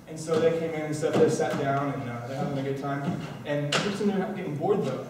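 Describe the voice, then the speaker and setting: A young man spins a loose, filler-heavy story while doing a card trick on stage. His voice sits a bit high for a man and sounds distant from the mic. The sound carries a heavy hall echo over steady room noise. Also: brisk, hardly any pauses. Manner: rambling, casual, full of fillers. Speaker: magician performing at a talent show. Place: college talent show stage, large room. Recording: echoey hall, voice far off, noisy.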